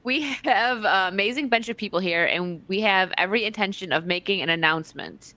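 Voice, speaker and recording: Host, woman, bright crisp voice, dry close sound, chatty. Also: medium pitch, a little fast, dry recording. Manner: chatty, giggly, reads article aloud. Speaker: livestream host. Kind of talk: casual chat reading news aloud.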